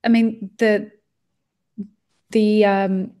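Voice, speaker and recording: A woman's voice: mid-range voice, little pitch movement, drawn-out words, warm tone. Brief: woman, mid-range voice, heated podcast chat full of restarts and cursing. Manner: impassioned, frequent restarts and swearing. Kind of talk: casual podcast conversation.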